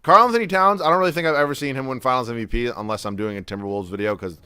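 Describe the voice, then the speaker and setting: A man's voice: medium pitch, racing, sharp tone, smooth, dry recording. A young man giving casual, profane gameplay commentary, ranting as he plays. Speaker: gaming YouTuber.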